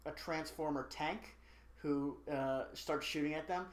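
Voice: mid-range voice, steady tone. Podcast cohost rambling through a movie recap, jokey asides, echoey room sound. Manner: rambling, joking, full of fillers and quick asides. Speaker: podcast co-host. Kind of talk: casual chat, recapping a movie plot. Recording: roomy echo.

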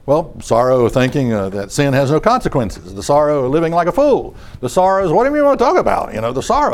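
A man's voice: on the high side, big pitch swings, quick pace, hardly any pauses. A man preaching a sermon in front of a congregation, talking in a conversational way and often repeating his phrases.

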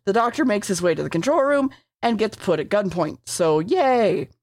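A woman gives a loose, rambling episode recap, cursing casually and often correcting herself mid-sentence. Her pitch is mid-range for a woman. The recording is dry, with no room echo. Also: sing-song, moderate pace, a little mellow. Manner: rambling, swearing, self-correcting.

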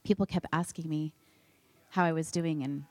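A woman's voice: low voice, fairly even intonation, no room sound. Earnest woman sharing testimony, dry sound. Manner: earnest, heartfelt, with pauses and fillers. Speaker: pastor's wife sharing testimony. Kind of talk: sermon testimony.

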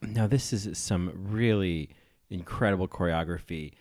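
A man hosts a podcast and talks through a film scene in casual commentary. He is animated and gushing, with campy asides, and his voice sits on the low side. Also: a little slow. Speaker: podcast host and film reviewer.

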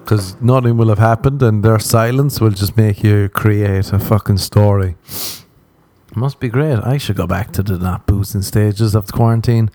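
A man's voice: lowish voice, fairly even intonation, moderate pace, mellow, no room sound. A man hosting a podcast, telling crude, rambling stories and acting out the quotes in a casual comic monologue. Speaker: podcast host.

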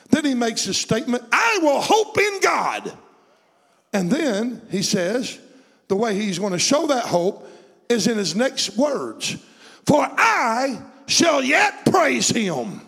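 A man preaching in a fervent, rhythmic way, his voice pitched high for a man and rough with gravel. He stacks phrase on phrase, and long reverb from a large hall trails after each line. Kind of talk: sermon.

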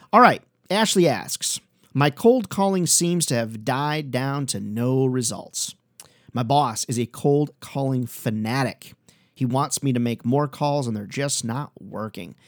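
A man's voice: mid-range voice, dry recording, studio quality. Upbeat man hosting a sales podcast. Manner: energetic, upbeat and conversational. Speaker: sales trainer and podcast host. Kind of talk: solo podcast talk.

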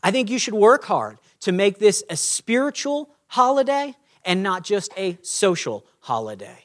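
A man preaching a sermon as a pastor, in a conversational, animated way, acting out little scenes. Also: high-pitched, measured pace.

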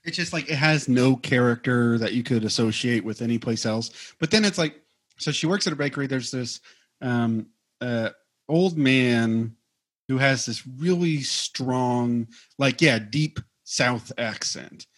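A man co-hosting a podcast rambles hesitantly through casual chat, full of fillers and restarts. He talks a little slowly in a medium-pitched voice.

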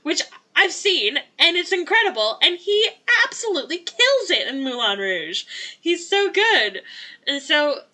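A woman's voice: high-pitched, big pitch swings, unhurried, sharp tone. A woman chatting casually about a movie as a podcast co-host, enthusiastic and rambling with frequent restarts. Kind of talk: casual movie review chat.

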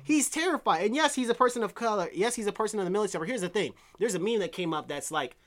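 A man co-hosting a casual podcast chat, loud, excitable and profane. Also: sits high, very fast. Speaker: podcast co-host.

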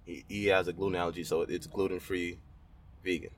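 A man's voice: sits low, little pitch movement, fast. A man co-hosting a podcast, telling a story in loose, slangy casual chat with lots of restarts. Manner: loose slangy talk, many restarts and backchannels. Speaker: podcast co-host.

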